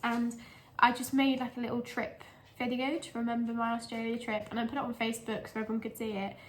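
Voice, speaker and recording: A young woman with a slightly high voice chats away in a casual kitchen vlog, rambling and giggly, a little out of breath. She is picked up by a camera mic that catches faint background noise. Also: flat delivery, quick pace. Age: young adult. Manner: chatty, rambling, giggly asides. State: a bit out of breath. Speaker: lifestyle blogger. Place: home kitchen, indoors.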